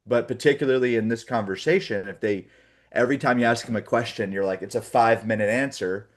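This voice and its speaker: A man in his forties giving a casual morning training talk to sales agents, full of fillers and acted-out call examples. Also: medium pitch.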